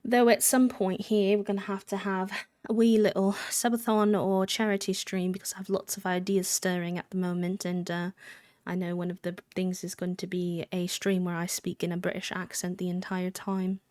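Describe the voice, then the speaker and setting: A woman's voice: on the low side, little pitch movement, normal speed, a little mellow, dry recording, studio quality. A young woman streaming a game live, chatting in a rambling way, answering her chat and thanking subscribers. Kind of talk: casual live-stream chat while gaming.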